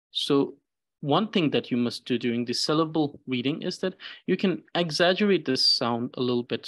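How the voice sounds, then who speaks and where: A man's voice: medium pitch, a bit bright. A man teaching Tibetan pronunciation, patiently repeating syllables one at a time. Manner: slow and patient, repeats each syllable many times. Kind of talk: pronunciation lesson, reading syllables aloud.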